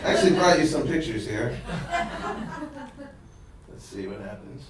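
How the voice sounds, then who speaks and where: A man's voice: medium pitch, lively intonation, normal speed. A man telling a comic personal story on stage, chatty and laughing at his own jokes. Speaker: stand-up comedian. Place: live venue with audience. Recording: echoey room, distant mic, crowd laughter.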